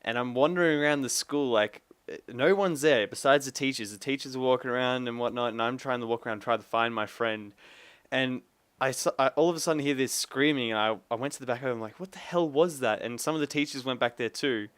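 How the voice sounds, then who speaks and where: A man, telling an animated story in casual chat and acting out the voices in it. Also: mid-range voice, fast talker, smooth, no echo. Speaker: podcast guest.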